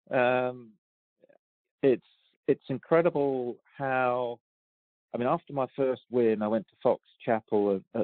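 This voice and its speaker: A man's voice: medium pitch, dry recording. A man in his sixties telling stories in an interview, with many ums and restarts and easy laughs. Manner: hesitant, lots of ums and restarts, laughs easily. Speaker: golf champion guest. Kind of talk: relaxed storytelling interview. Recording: tinny phone line, dry.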